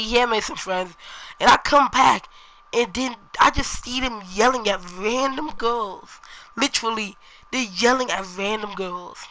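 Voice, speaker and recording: A woman vlogger recounts her day in a loose, rambling storytelling style. Her voice is bright and forward, and she peppers her talk with slang and "you know". Her pitch sits in an ordinary middle range. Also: low-quality recording. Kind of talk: casual storytelling to camera.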